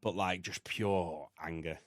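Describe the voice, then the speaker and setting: A British man with a very low, deep voice recounts his past candidly, swearing freely as he talks. The sound is close and dry, with no room around it. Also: steady tone, slow, no echo. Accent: British English. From United Kingdom. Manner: blunt, heavy swearing, emotional retelling. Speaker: podcast guest. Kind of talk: candid storytelling.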